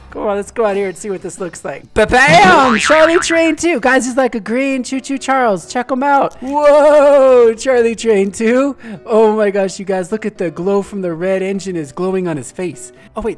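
A woman hosting a gaming video, giving excited gameplay commentary with gasps, squeals and playful sound effects. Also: on the high side.

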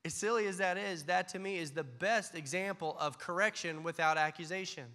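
A man's voice: high voice, brisk, bright, forceful tone, in a large hall. A man preaching a sermon to a church congregation, telling stories and acting out the voices in them. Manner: storytelling preacher, acts out voices in anecdotes. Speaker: pastor. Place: church sanctuary.

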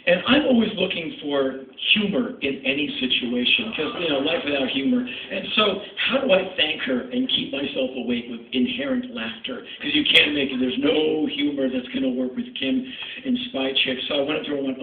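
Middle-aged man, storytelling on a club stage, lively up-and-down pitch, roomy tinny faraway sound. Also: normal speed, creaky, a crowd in the background. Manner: animated, sardonic, punchy delivery. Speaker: spoken word performer. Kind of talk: stand-up storytelling. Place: nightclub stage. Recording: echoey club audio, tinny and distant.

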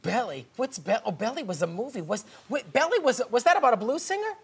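A man from Massachusetts, a guest entertainer talking fast and camply in a talk show interview. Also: extremely high pitch, vocal fry, husky. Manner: animated, fast-talking, campy comic.

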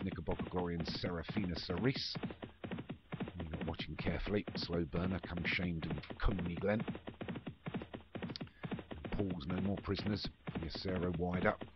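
A man commentating a horse race in a chatty, self-mocking way, reeling off runners quickly between hesitant fillers. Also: deep voice, steady tone. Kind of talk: horse racing commentary for an online game league. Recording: dull lo-fi audio with loud background noise.

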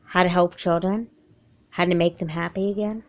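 A woman voicing a withdrawn young girl grieving her father, who talks quietly and flatly with hopeful outbursts in an amateur doll film. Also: on the low side, moderate pace, natural voice. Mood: animated.

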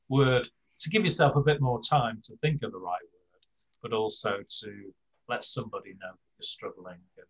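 An older man teaching a Spanish class over a video call, talking slowly with many fillers and restarts. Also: lowish voice, a bit bright, slightly rough, poor audio. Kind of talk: online language lesson.

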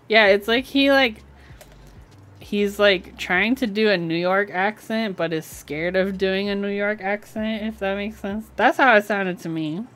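A young woman with a medium-pitched, somewhat bright voice chats unhurriedly while streaming from home as she builds a keyboard. The casual live-stream talk is full of giggles and lots of "like."

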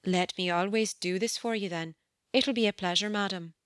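A woman voicing a young governess who sounds meek but is cunning, speaking softly and demurely in an audiobook. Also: medium pitch, clear, resonant tone, dry recording, studio quality, close to an everyday voice. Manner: soft, demure and measured. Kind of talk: audiobook character voice.

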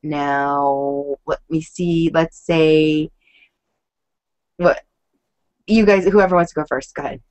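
A woman hosts a casual music chat, asking her guests questions with chatty, upbeat reactions. Her voice sits a little low. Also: fairly even intonation, slow, long pauses, darkish tone. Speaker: host.

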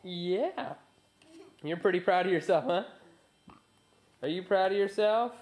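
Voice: medium pitch, a little slow, darkish tone. A parent at home, filming their baby on a handheld camcorder and coaxing them in playful, sing-song baby talk.

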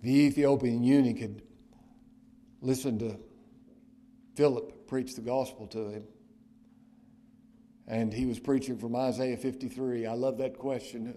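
A man preaching a sermon as pastor, with loud emphatic declarations that drop to hushed near-whispers and slow, weighty stresses on key phrases. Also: medium pitch, fairly even intonation.

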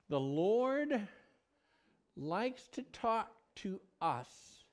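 A man preaching a sermon as a pastor. He swings between loud exclamations and a hushed, low voice. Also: very animated, slow pace.

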